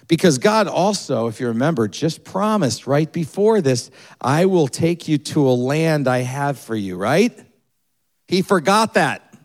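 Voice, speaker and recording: A man preaching a sermon, retelling a story and acting out its people with quick changes in his voice. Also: fairly high pitch. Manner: animated, acts out the people in the story with quick shifts in voice. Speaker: pastor.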